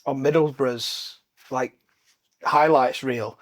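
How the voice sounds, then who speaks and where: A man's voice: mid-range voice, takes it slowly. A man hosting a casual podcast chat, telling stories animatedly and laughing often. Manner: animated storyteller, laughs often, acts out swearing managers. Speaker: podcast host.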